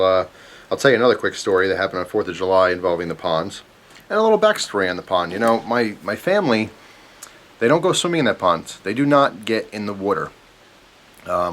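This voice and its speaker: A young man telling a rambling, animated story to camera, often chuckling as he goes. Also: on the low side. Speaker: vlogger. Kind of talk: casual storytelling. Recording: faint hiss.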